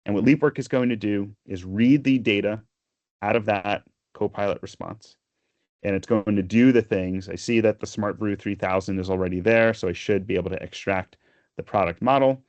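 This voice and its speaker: Low-voiced man giving a software demo. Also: moderate pace, no echo. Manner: explanatory, steady, with frequent fillers. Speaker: product demo presenter.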